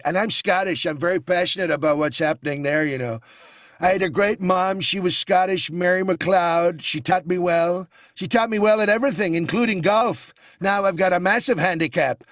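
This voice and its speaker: A man impersonating a brash, boastful older American tycoon-politician, drawling out slow bragging punchlines. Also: sits high, a bit bright, dry recording, studio quality.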